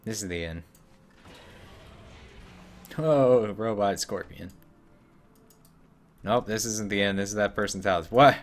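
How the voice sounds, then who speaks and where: Guy streaming a game, chill low-ish voice, sarcastic running commentary. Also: slow pace, long pauses. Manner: sarcastic, joking asides. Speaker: gaming streamer. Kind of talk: casual gameplay commentary.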